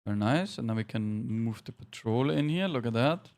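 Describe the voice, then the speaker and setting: A man's voice: medium pitch, expressive, normal speed, darkish tone. A man streaming a game live, chatting casually with viewers, joking at his own expense while calling out instructions to his teammates. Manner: chatty, jokey, self-deprecating, directing teammates. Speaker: streamer leading a game team.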